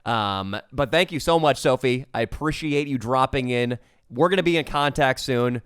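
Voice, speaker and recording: A man's voice: medium pitch, moderate pace, fairly bright tone, smooth, no room sound, clean studio sound. A man co-hosting a comedy podcast, telling absurd improvised stories in a mock-formal way. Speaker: podcast co-host. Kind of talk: casual comedic podcast chat.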